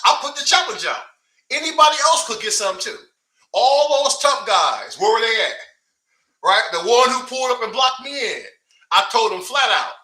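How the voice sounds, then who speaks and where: A man's voice: high voice, sharp tone. A man ranting on a livestream, taunting his critics with heavy swearing and scoffing laughs. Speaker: online streamer. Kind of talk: heated livestream rant. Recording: echoey room.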